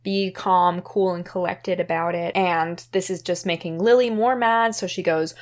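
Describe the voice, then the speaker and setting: A woman's voice: on the low side, steady tone, normal speed, few pauses. A young woman hosting a podcast, casually recapping a novel in a chatty, conversational way. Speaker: podcast host.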